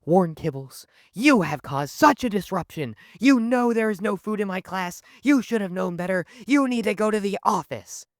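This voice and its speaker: A man voicing a strict, furious female schoolteacher in a shrill, scolding tone. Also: expressive, normal speed, hardly any pauses, dry recording, clean studio sound.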